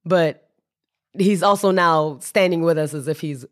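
A woman telling a story as a podcast guest, animated, laughing and restarting her sentences. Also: low-pitched, measured pace. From United States. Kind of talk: casual storytelling.

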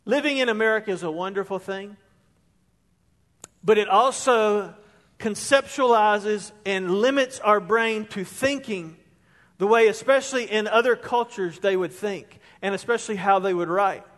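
A man's voice: high voice, normal speed, a bit bright. A man preaching a sermon as pastor, reading scripture aloud and pressing hard on key words. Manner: emphatic, rising to stress key words. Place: church sanctuary. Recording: long reverb of a church hall.

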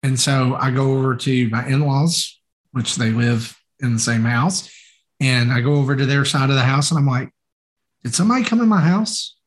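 A man's voice: mid-range voice, moderate pace. A man co-hosting a podcast, telling a story in casual chat, full of fillers, acting out what people said. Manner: animated, acts out quoted dialogue, many fillers. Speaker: podcast co-host.

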